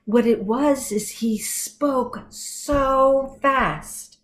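A woman voice and communication coach talking casually on a podcast, telling animated stories about her clients. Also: high-pitched, drawn-out words.

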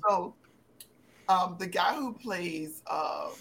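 A woman co-hosting a podcast for actors, chatting casually and telling lively, slangy stories. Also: on the low side, slow pace, a little hiss or hum. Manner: lively storyteller, slangy, laughs often. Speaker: podcast co-host. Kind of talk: casual chat.

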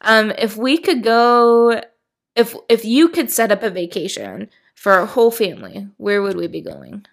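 A woman's voice: medium pitch, very animated, moderate pace, vocal fry. A young adult woman co-hosting a podcast, bubbly and laughing easily as she leads the questions in casual chat. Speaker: podcast co-host.

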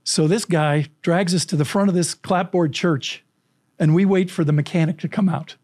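Brief: male guest from California, lively storyteller, higher voice, dry booth sound. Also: moderate pace, no room sound. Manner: animated, vivid anecdotal storytelling with acted quotes. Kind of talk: interview storytelling.

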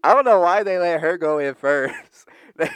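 A young man tells a rambling, profane story in casual chat, switching to acted voices as he goes. His voice is smooth and clear, recorded dry and close with no room sound. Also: fairly high pitch, normal speed, dry recording. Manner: animated, profane, laughing storyteller.

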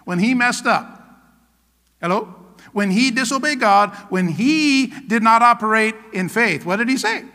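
Emphatic male pastor preaching, high bright voice, echoing church hall. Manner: emphatic, repeats "come on now" and "hello?". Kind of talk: sermon.

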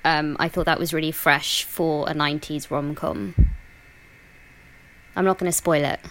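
A woman speaking as a podcast guest in a thoughtful, measured way. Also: low voice, steady tone, a bit bright. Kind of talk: casual chat.

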